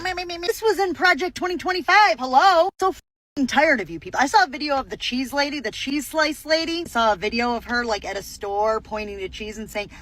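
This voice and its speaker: Sarcastic high-voiced woman ranting. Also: expressive, moderate pace, a bit bright. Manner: sarcastic, mocking, profane. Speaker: commentator. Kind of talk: angry reaction rant.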